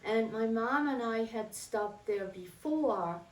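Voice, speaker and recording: Woman storyteller, chatty and reminiscing, slightly high pitch; roomy, distant recording. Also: expressive, slow. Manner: warm, chatty, fond reminiscing. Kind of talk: personal storytelling.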